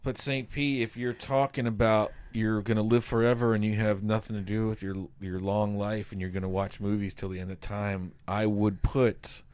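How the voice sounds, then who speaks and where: A man's voice: fairly low pitch, little pitch movement, normal speed, hardly any pauses. A man chatting casually on a podcast, rambling and swearing as he talks. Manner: rambling, swears a lot, breaks into loud mock old-time voices. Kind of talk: casual chat.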